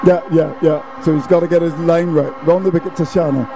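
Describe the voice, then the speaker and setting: A man giving ball-by-ball cricket commentary in a steady, folksy way, dropping proverbs between deliveries. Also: fairly high pitch, a little fast, over music.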